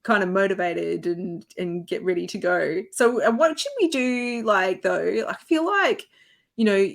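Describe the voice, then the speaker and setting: A woman hosting a podcast interview, chatty and easy-going, full of fillers and quick laughs. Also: medium pitch, lively intonation, creaky. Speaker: podcast host. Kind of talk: conversational interview.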